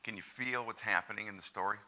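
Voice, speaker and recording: A male pastor giving an animated, conversational sermon and asking the congregation direct questions. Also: on the low side, fast.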